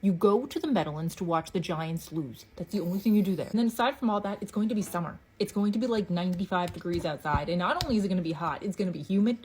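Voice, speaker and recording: A woman's voice: on the low side, quick pace, hardly any pauses, a little mellow, slight background noise, low-quality recording. A woman from New Jersey delivering a blunt, profane, exasperated rant to camera. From New Jersey, USA. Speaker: content creator. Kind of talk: ranting monologue.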